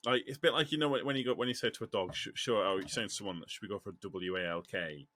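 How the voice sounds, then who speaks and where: A man co-hosting a casual podcast, joking, agreeing quickly and explaining things with animated asides. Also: on the low side. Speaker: podcast co-host. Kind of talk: casual chat.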